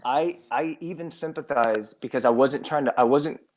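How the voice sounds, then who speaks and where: Halting, exasperated man on a live stream. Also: medium pitch. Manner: halting, with many restarts and repeated words; earnest and exasperated. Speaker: guest defending himself on a live stream. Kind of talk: casual live-stream talk.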